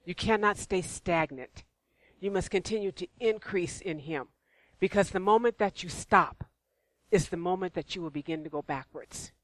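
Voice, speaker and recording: A woman's voice: fairly low pitch, normal speed, a bit bright, dry recording. A woman preaching in church, conversational and repetitive, with rhetorical questions. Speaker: church speaker. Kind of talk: sermon.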